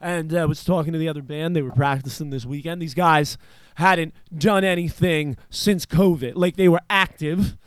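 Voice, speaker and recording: A man's voice: a little high, fairly even intonation, moderate pace, clear, resonant tone, no room sound. A man hosting a radio show, chatting casually and rambling, with swearing dropped in. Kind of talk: casual chat.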